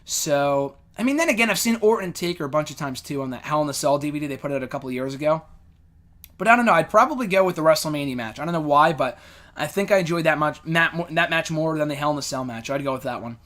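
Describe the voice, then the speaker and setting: The host here is a young man whose slightly high voice has lively intonation, a fast pace, and a fairly bright sound. He answers fan questions on a casual show, wandering along with plenty of fillers and frank opinions.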